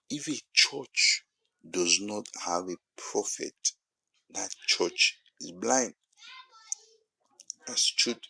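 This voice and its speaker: A man with a Nigerian English accent preaching a sermon-style monologue, repeating phrases for emphasis and building to loud peaks. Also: deep voice, creaky, slightly rough, no echo, rough recording.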